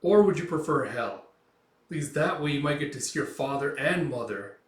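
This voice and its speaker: A man's voice: a little high, lively intonation, moderate pace, natural voice. A man doing a cold, blunt swordsman. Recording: roomy echo, distant mic.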